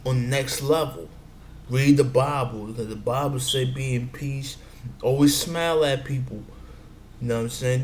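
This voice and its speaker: A man giving advice in a meandering casual monologue, often saying "you know what I'm saying". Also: mid-range voice. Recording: echoey room with faint background noise.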